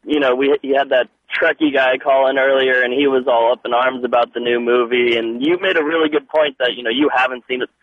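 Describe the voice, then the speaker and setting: A man's voice: medium pitch, level tone, a little fast, hardly any pauses, no room sound. A young man calling in to a radio show, rambling with lots of fillers. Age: young adult. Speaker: caller. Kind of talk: phone-in chat. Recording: muffled phone line.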